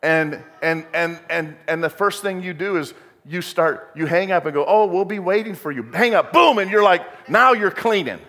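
A man preaching in a church sanctuary, his fairly high voice trailing off into a long hall reverb. He tells homespun stories in a folksy way and then climbs into emphatic bursts. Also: normal speed, few pauses, pushed and bright. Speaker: pastor. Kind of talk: sermon.

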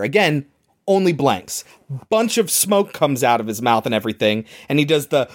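A man co-hosting a casual podcast, animatedly retelling a film's scenes and laughing often. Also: a little high. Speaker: podcast co-host. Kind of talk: casual movie recap chat.

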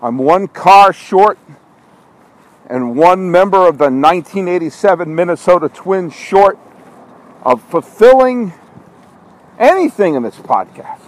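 Sitting high and sounding expressive, his voice takes its time with long pauses, though the recording quality is low. This podcast host walks an outdoor parking lot at night, rambling in exasperation and chiding himself, with street noise and a truck reversing nearby.

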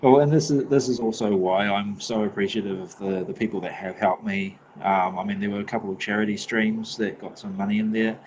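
A man from New Zealand with a New Zealand accent talks in a loose, laughing way, cursing and restarting his sentences as he goes. His voice sits fairly low. The recording is dull and lo-fi, with a faint hiss of noise underneath. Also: fairly even intonation. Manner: laughs often, swears freely, halting restarts. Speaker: podcast guest. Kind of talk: casual podcast chat.

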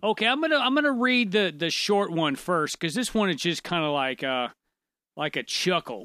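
Lively high-voiced man hosting a podcast. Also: normal speed, dry recording. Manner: laughing, swearing, joking. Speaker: podcast co-host. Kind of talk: casual podcast chat, reading news aloud.

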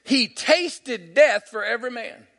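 Male preacher, sermon delivery, bright forceful tone, drawn-out scripture with call-and-response. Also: very high-pitched.

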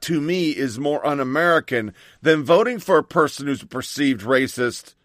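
A man's voice: medium pitch, a bit bright, dry recording, clean studio sound. Angry, profane middle-aged male host. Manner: angry, blunt and profane ranting. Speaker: talk show host. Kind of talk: opinionated talk radio monologue.

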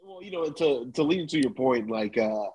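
A man's voice: medium pitch, lively intonation, moderate pace, a little mellow, breathy edge, dry recording, low-quality recording. A man co-hosting a podcast, chatting about music in a laid-back, agreeable, slangy way. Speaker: podcast co-host. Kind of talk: casual music review chat.

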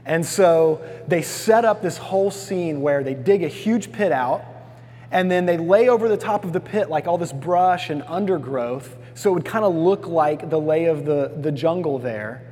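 High-voiced preacher in a big echoey hall. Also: male voice, expressive, normal speed, dark tone, breathy edge. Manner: folksy storytelling, asks congregation to repeat words. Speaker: pastor. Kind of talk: sermon.

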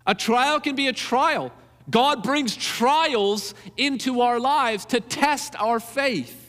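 A man's voice: very high voice, slow pace, fairly bright tone, big-room sound. A man preaching a sermon in an earnest, emphatic way, repeating key phrases to drive them home.

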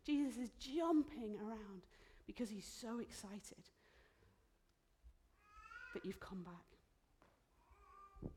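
A woman preaching a sermon in a church, heartfelt and emotional, dropping into soft whispered asides. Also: fairly high pitch, lively intonation, very slow, pauses often, a little hiss or hum.

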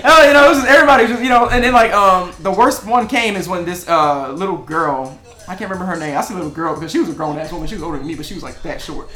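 A man co-hosting a casual podcast, telling a work story with lively acted-out quotes and laughter. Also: high-pitched, racing, reverberant, soft background music. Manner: animated, acts out quotes with laughs. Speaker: podcast co-host.

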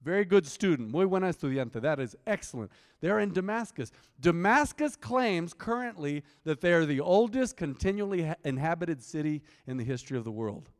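Male pastor, fairly high voice, lively and teasing, quizzes the room, long hall reverb behind him. He reads scripture aloud and breaks off to question his listeners. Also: fairly quick, few pauses. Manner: animated, teasing, quizzes the congregation. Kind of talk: interactive sermon, reading scripture aloud.

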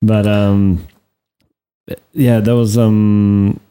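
A man's voice: on the low side, flat delivery, very slow, warm tone, smooth. A man co-hosting a podcast, chatting in an easygoing, musing way. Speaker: podcast co-host. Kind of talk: casual chat. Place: podcast studio set with lights.

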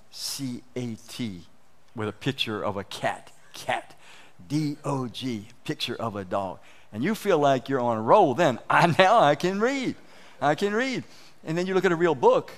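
A man giving a conversational, folksy sermon, acting out inner voices and often restarting his words. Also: medium pitch. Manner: animated, acts out inner voices. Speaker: preacher.

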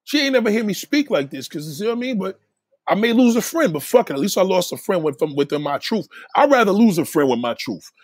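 Man, livestream host, lecturing rant, husky and dry, high pitched. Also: very animated, fast, no room sound. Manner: blunt, lecturing, swings between loud and low. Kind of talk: profane casual rant.

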